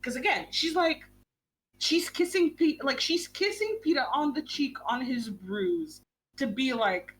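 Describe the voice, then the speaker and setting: A young woman hosting a book club stream in casual chat, talking in a quick, gushing way and swearing casually. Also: high voice, expressive, fairly bright tone.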